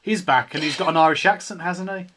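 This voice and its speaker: A man's voice: high-pitched, quick pace, a crowd in the background. A man chatting casually on a voice call, hesitant and full of fillers. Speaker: participant in a voice call. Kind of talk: casual chat.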